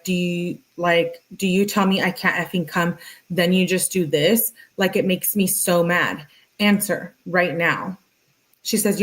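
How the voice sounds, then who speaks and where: Low-voiced woman reading texts aloud. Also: poor audio. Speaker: true-crime channel host. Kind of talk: reading text messages aloud with casual commentary.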